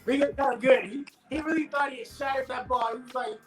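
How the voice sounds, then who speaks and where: A middle-aged actor being interviewed, telling stories in a loose, animated way and acting out his friends' voices. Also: very high-pitched, brisk, echoey room, music in the background, poor audio. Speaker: actor guest. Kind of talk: casual interview storytelling.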